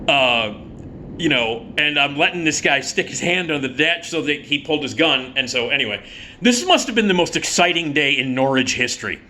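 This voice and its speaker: A middle-aged man casually telling a personal story, animated and swearing freely, acting out the people in it. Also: on the high side, moderate pace, a little hiss or hum. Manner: animated, acts out the cop and himself in quoted voices.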